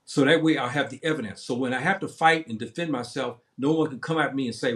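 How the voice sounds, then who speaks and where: A man's voice: medium pitch, fast talker, fairly bright tone. Man, 70s, livestream host; impassioned rambling monologue, repetitive, many restarts.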